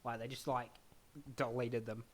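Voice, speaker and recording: A man's voice: medium pitch, level tone, moderate pace, rough recording. A young man giving a goofy, scatterbrained comedic monologue into a desk microphone, acting out silly voices. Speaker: comedic history narrator.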